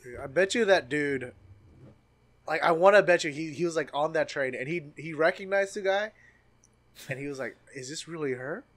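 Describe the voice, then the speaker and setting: A man with a fairly high voice joins the podcast chat and riffs on a story with a joking, guessing tone. It is loose, unscripted talk among co-hosts. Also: moderate pace, long pauses, fairly bright tone. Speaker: podcast co-host. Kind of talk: casual chat.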